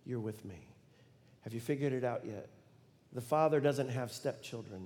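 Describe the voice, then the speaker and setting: A middle-aged man preaching a sermon, telling a story in an animated way and acting out the quoted lines with sudden loud bursts. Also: mid-range voice, moderate pace. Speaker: pastor. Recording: long reverb of a large hall.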